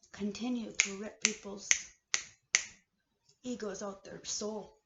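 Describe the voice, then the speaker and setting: A woman from Canada in a heated, profane personal rant, swinging between low muttering and shouting. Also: steady tone, takes it slowly, long pauses, very noisy. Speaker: vlogger. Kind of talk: emotional personal rant to camera. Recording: echoey room, dull lo-fi sound.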